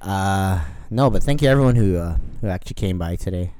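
A man's voice: sits low, animated, a little fast, warm tone, clean tone. A man in his forties co-hosting a casual podcast chat, laid-back, with short dry remarks. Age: 40s. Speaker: podcast co-host.

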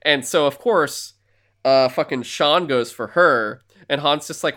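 A man's voice: a little high, unhurried. A man co-hosting a podcast, recapping a film in loose, rambling chat and acting out lines from it. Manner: rambling, animated movie recap with acted-out quotes and laughs. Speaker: podcast co-host. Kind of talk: casual chat.

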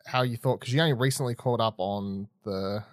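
A man's voice: on the low side, a little fast, no room sound. Chatty male podcast host, dry sound. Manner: chatty, loose, prone to tangents. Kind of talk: casual podcast chat.

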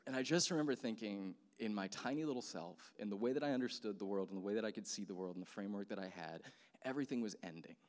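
A man's voice: on the low side, quick pace. A man in his thirties telling a personal story as a sermon, speaking casually with many fillers. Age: 30s. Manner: conversational, animated, many fillers. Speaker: pastor. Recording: long hall reverb.

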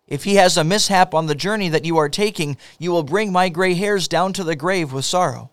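Grieving old father, bitter and scared for his son, slightly high voice, plainly read by a man in a dry booth. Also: brisk, clean tone, no room sound, natural voice.

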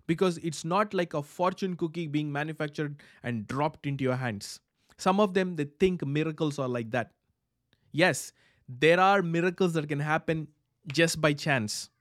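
A man's voice: fairly high pitch, expressive, a little slow, no room sound, clean studio sound. A man preaching a charismatic sermon, leading prayer with fervent repetition and breaking into speaking in tongues.

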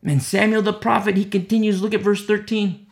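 A man preaching an expository Bible sermon in a fairly high voice. He repeats his key phrases and swings from loud, fervent peaks down to hushed, low asides. He has the urgent delivery of a preacher pressing his point. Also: level tone, brisk, gravelly.

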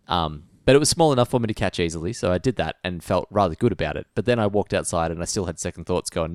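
Australian male podcast co-host, very low voice, rambling chatty delivery, dry close mic. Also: expressive, fast, hardly any pauses, darkish tone, no echo. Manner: rambling storyteller, frequent fillers. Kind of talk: casual chat.

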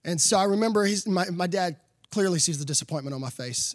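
A man's voice: high-pitched, animated, fast, no room sound, studio quality. A man preaching a sermon, telling a personal story with laughs and building to emphatic calls.

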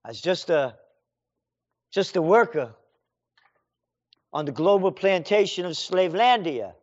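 A man's voice: high-pitched, expressive, a little slow, pitched below the performer's own voice. A man putting on the voice of a meek, cowed worker who grovels and answers timidly. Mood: groveling. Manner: timid, submissive, mumbling. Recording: dull lo-fi sound.

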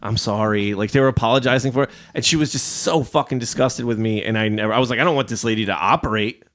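A man's voice: mid-range voice, quick pace, a bit bright. A man hosting a casual podcast, telling rambling stories and swearing freely. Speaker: podcast host. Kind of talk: casual chat.

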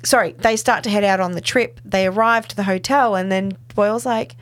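A woman, recapping a TV episode in casual chat, full of "like" and "um" and quick laughs. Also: mid-range voice, fairly even intonation, no room sound. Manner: chatty, filler-heavy with frequent "like" and "um", laughs often. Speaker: podcast co-host.

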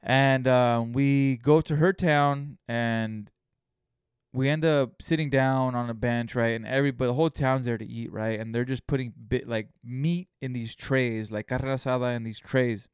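A man talks through a solo podcast episode, drifting from story to story and swearing freely. His mid-pitched voice is smooth and resonant. The sound is dry and close to the mic. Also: steady tone, moderate pace, dry recording. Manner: rambling storytelling, heavy swearing. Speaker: podcast host. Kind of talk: casual solo podcast monologue.

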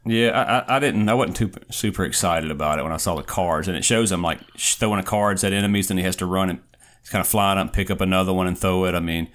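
A man co-hosting a casual gaming podcast, talking in an unhurried way and thinking out loud. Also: low-pitched. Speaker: podcast co-host. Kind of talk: casual chat.

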